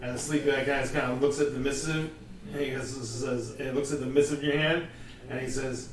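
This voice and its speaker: A man's voice: mid-range voice, steady tone, brisk, recorded from a distance. Man running a tabletop game, echoey room. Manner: rambling, restarts while describing scenes. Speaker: game master. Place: room with several players. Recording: echoey room, mic from afar, group chatter.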